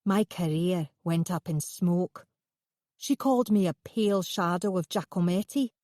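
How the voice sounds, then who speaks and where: Audiobook villain: woman playing a menacing male artist, falsely congenial, with a dark, low voice. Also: measured pace, no echo, clean studio sound, natural voice. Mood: bitter. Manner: congenial on top, snarling underneath.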